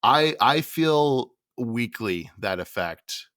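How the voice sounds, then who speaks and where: A man's voice: mid-range voice, expressive, takes it slowly, fairly bright tone, no room sound, clean studio sound. A man hosting a podcast, recapping an old broadcast from notes in an easy, chuckling way between casual opinions. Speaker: podcast host.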